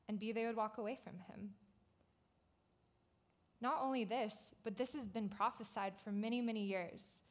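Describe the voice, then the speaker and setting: Chatty woman pastor, higher voice. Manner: casual, conversational, frequent "like" fillers; animated storytelling. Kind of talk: youth sermon.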